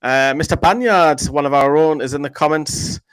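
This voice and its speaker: A man's voice: on the high side, a bit bright, smooth, no echo, rough recording. A man co-hosting a fan channel, reading viewer comments in rambling casual chat. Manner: chatty, rambling, quick to joke.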